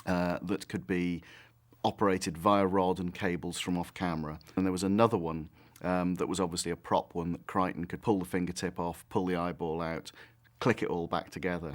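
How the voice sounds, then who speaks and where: A man in an interview explaining the effects work in a detailed, technical way. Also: low voice. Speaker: effects crew member.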